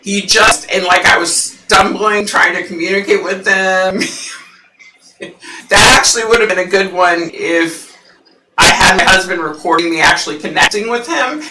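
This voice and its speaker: A woman hosting a psychic livestream, chatting casually with viewers and laughing often; her voice sounds unusually deep through the mic. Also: normal speed, reverberant, distant mic, noisy background.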